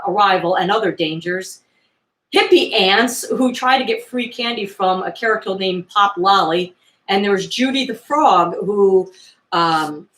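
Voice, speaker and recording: A woman's voice: medium pitch, a bit bright. A woman in her fifties talking casually as a vlogger, chatty and rambling, with knowing asides and frequent laughs. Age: 50s. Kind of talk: casual nostalgic commentary. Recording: roomy echo.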